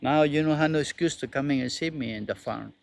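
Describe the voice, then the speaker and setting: A man's voice: on the high side, quick pace, creaky. A man with a Spanish accent, speaking Spanish as his first language, chatting in friendly broken English with his son outdoors by a truck. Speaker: host's father.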